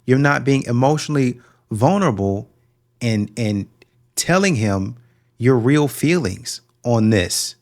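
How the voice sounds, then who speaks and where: A man hosting a reaction video who scolds and mocks what he hears. His voice jumps around in pitch with animated, sweeping inflection. His tone stays sarcastic throughout. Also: measured pace. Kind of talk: commentary on a played clip.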